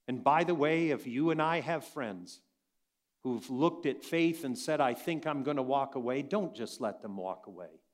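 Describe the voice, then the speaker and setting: A pastor giving a sermon to his congregation. His voice climbs high and loud for emphasis, then drops to near a murmur. The pitch is lively and wide-ranging throughout. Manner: swings between loud emphatic and hushed.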